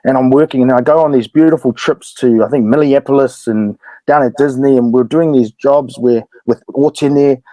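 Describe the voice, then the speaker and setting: Nz guy telling stories fast n animated, mellow voice, dry close sound. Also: medium pitch, no echo, rough recording. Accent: New Zealand. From New Zealand. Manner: animated, fast-talking storyteller. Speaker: podcast guest. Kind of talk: casual storytelling.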